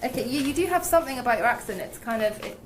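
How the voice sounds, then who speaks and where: A woman's voice: a little high, expressive, very fast, slight background noise. A woman interviewing an actor, reading fan questions and teasing him playfully. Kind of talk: casual interview.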